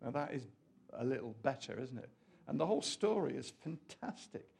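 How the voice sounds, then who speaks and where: A man preaching a sermon in an animated, rambling way, full of asides and questions to the audience. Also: mid-range voice, normal speed, vocal fry, slightly rough.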